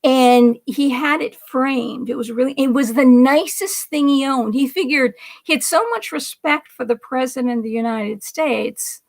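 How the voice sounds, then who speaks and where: Chatty high-voiced woman with gravel. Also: moderate pace, hardly any pauses. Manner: chatty, reads viewer comments aloud, laughs often. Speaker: livestream host. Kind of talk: casual political commentary livestream.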